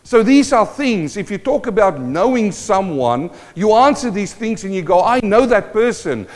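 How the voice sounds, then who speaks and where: A male preacher delivers a sermon in a fairly high voice, reading scripture and then pressing his points with growing force. His voice carries a long reverb, as if he were recorded in a large hall. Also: a little mellow. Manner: emphatic, quotes scripture and builds in intensity.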